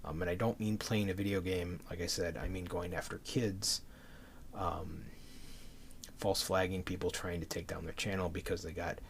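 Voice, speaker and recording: A very deep-voiced man rambles passionately to his stream, out of breath and stumbling over restarts. A faint hiss sits under his desk mic. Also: level tone, moderate pace, vocal fry.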